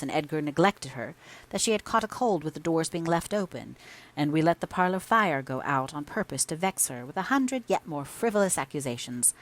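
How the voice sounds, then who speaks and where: A woman narrating a classic novel as an audiobook, in a measured, expressive storytelling manner. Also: low-pitched. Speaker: audiobook reader.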